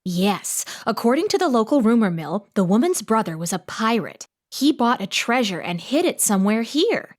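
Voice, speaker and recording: Lady narrator doing a coy gossipy town lady, high and swoopy, loves a bit of drama. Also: big pitch swings, normal speed, few pauses. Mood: gossipy, dramatic. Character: theatrical gossipy small-town woman, coy. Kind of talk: audiobook character voice.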